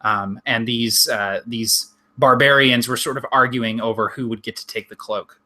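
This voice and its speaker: A man with a bright, forceful voice narrates as the game master. He lays out scenes in loose, descriptive detail and fills pauses with ums and self-corrections. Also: mid-range voice, fairly even intonation. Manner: descriptive, many ums and restarts.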